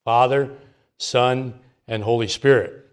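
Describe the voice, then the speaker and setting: A man teaching a Bible study, reading scripture and explaining it in a measured, deliberate, reverent way. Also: medium pitch, fairly even intonation, clear, resonant tone.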